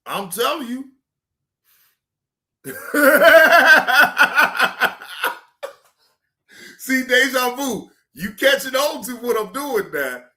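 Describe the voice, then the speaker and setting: A man hosting a casual reaction stream, ranting in an animated, emphatic and joking way. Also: extremely high pitch, measured pace, few pauses. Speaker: streamer host.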